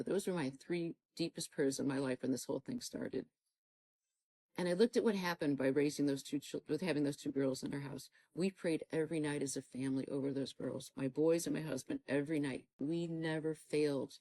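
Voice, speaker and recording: A woman's voice: sits low, a little fast, dark tone, no room sound, low-quality recording. A middle-aged woman giving an earnest personal testimony, acting out the words she and others said back then. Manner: earnest storytelling, acting out her own past dialogue. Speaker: guest telling her testimony.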